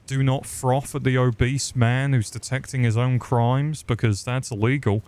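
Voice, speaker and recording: A man's voice: mid-range voice, steady tone, moderate pace, darkish tone. A man giving crude, rambling comedic commentary while playing a video game. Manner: crude joking banter, rambling. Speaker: gaming commentator. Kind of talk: comedic let's-play commentary.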